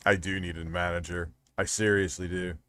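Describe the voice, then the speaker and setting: Low-voiced foul-mouthed streamer man. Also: flat delivery, a little fast, fairly bright tone, a faint crowd, a little hiss or hum. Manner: crude, swearing, rambling; restarts and trails off. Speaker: livestream host. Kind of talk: casual livestream chat.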